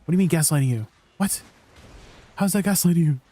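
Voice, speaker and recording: Mellow-voiced man bantering with chat. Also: fairly high pitch, fast. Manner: incredulous, teasing replies to chat. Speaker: game streamer. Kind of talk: live stream chat with viewers.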